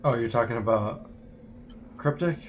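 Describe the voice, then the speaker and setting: A man streaming a game and chatting casually, laid-back and quick to laugh. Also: mid-range voice, lo-fi sound, a little hiss or hum. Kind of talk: casual chat while gaming.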